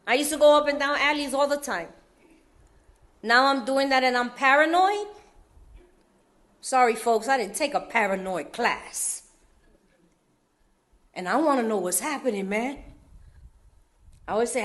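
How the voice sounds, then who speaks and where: High-voiced joking woman from California. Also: expressive, a little slow, long pauses, fairly bright tone. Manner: streetwise slang, joking, laughs often. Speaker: recovery meeting speaker. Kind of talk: personal recovery story shared at a meeting.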